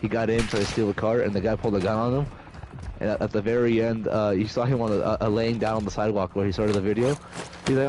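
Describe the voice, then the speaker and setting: A man's voice: lowish voice, steady tone, fast, noisy background. A man streaming a shooter game, rambling through stories in a loose, profane way. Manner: rambling, profane storytelling with laughs. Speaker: gaming streamer. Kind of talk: casual chat while gaming. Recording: loud in-game gunfire behind.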